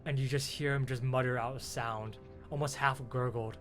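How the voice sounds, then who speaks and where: A man running a tabletop game as game master, narrating in a halting way with many restarts. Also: medium pitch, fairly even intonation, faint music behind.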